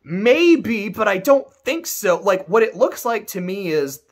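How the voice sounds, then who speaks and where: A man's voice: high voice, sing-song, measured pace. A man giving casual game commentary to camera, emphatic and ranting, swearing freely. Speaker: video creator.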